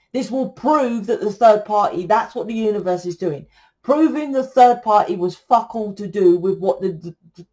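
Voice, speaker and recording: A woman's voice: mid-range voice, a little mellow. A British woman tarot reader talking to camera in a blunt, ranting, freely swearing monologue.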